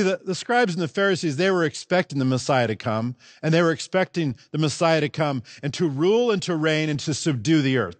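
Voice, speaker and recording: A man's voice: a little high, no room sound. A man preaching a sermon as pastor in a church, speaking emphatically and swinging his delivery up and down for emphasis. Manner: emphatic, animated preaching with rising and falling emphasis.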